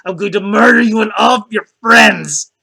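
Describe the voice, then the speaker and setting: A man voicing a furious huge male orc who shouts threats. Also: high-pitched, normal speed, gravelly, exaggerated voice. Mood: menacing.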